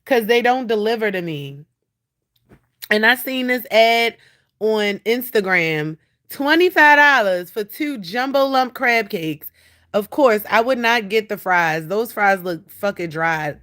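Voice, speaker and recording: A woman talks to her livestream viewers from home in a bright, forceful voice. She is animated and blunt, swears freely and speaks right to the people watching. It is recorded on a phone. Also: mid-range voice. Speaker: livestream host. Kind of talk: casual livestream chat. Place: at home indoors.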